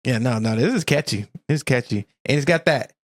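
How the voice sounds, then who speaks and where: An easygoing man with a Southern US accent chats through a music reaction, tossing off drawling asides. His voice sits at an ordinary pitch, and the recording is close and dry. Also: lively intonation, fairly quick, no echo. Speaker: reaction video co-host. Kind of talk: casual reaction chat.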